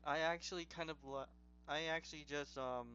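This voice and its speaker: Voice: medium pitch, steady tone, moderate pace, fairly bright tone, faint music behind. Hesitant player on a dull lo-fi mic. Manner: hesitant, rambling. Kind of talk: casual role-play. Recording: dull lo-fi mic with faint hum.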